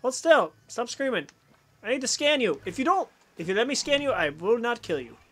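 A gamer commentating live while playing, excitable, exclaiming and swearing at the game. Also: medium pitch, brisk, a little hiss or hum. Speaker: let's play gamer.

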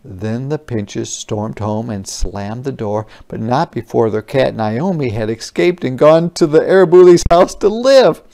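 A teacher reads a picture book to young children, explaining words and asking questions along the way. The delivery is unhurried and expressive. The voice carries a gravelly fry. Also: medium pitch. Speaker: kindergarten teacher. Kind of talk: interactive children's read-aloud.

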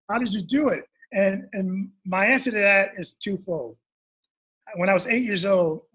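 Husky man telling stories warmly. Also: on the high side. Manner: animated storyteller acting out quoted parents. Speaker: author and guest. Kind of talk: storytelling interview.

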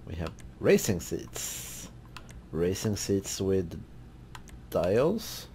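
A man hosting a gaming video, relaxed and thinking aloud as he browses car parts in casual commentary. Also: low-pitched, extremely slow, slight background noise. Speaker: gaming channel host.

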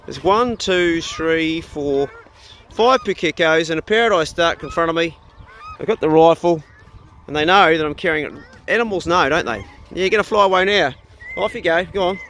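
A man's voice: a little high, moderate pace, a bit bright, a little hiss or hum. A man with a New Zealand accent narrating a casual outdoor vlog on a farm, swearing freely and chatting to the animals. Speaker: vlogger and hunter.

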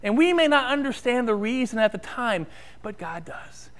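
A man's voice: extremely high pitch, animated, moderate pace, a bit bright. A man preaching a sermon and telling a story in a church sanctuary, then leading a prayer. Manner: storytelling, rising and falling, ends in prayer. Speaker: pastor.

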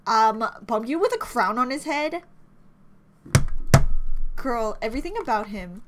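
A woman's voice: sits high, lively intonation, moderate pace, long pauses, slight background noise. Gushing, squealing young woman fan. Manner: gushing, gasping, squealing, repeating herself. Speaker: K-pop reaction vlogger. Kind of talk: excited fan reaction commentary.

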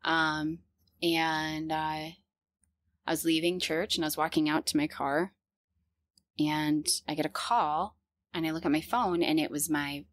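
A woman in her thirties recounts her own story in an earnest, halting way, often restarting sentences. Her voice sits fairly low. The sound is dry and close, with no room around it. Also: fairly even intonation, dry recording. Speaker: podcast guest telling her story. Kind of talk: personal storytelling.

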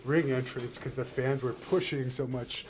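A man interviewing a retired wrestler, calmly recapping facts from his career. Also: mid-range voice, normal speed. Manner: calm, recaps facts for the guest. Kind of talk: shoot interview questions.

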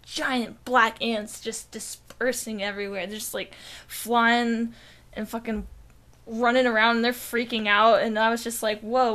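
Her voice is fairly high and a bit bright as this young woman, co-hosting a podcast, spins a meandering story. She chats casually, swearing and saying "like" constantly.

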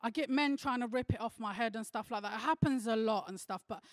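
A woman's voice: fairly high pitch, fast, very noisy. Cheeky woman doing stand-up. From London. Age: young adult. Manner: cheeky, chatty, punchy delivery. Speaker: stand-up comedian. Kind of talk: stand-up comedy set. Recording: laughter from a virtual audience.

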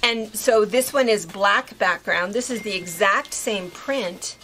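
A woman's voice: mid-range voice, slow, fairly bright tone, slight background noise, low-quality recording. A woman presenting quilting fabrics in a casual video, explaining and sharing sewing tips. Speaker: quilt shop co-host. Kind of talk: casual product showcase.

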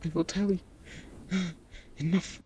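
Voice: medium pitch, fairly even intonation, a little slow, warm tone, slight background noise, close to an everyday voice. A voice actor playing a proud, captured demon with horns in an audio role-play, talking haughtily and defiantly while fighting off laughter. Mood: resisting tickles.

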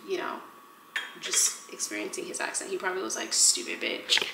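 A woman's voice: lowish voice, sing-song, brisk, vocal fry, background noise. A woman casually chatting and rambling playfully as she makes tea at home for her vlog. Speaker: lifestyle vlogger. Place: home kitchen, indoors. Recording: roomy home echo with background music. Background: music playing.

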